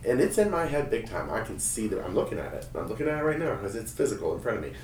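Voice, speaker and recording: Man, lowish voice, lively storyteller, slightly distant mic in a roomy space. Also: very fast, a little hiss or hum. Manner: animated, acts out quoted voices. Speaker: hairstylist and guest storyteller. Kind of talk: casual storytelling chat. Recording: roomy, a bit distant, faint room ambience.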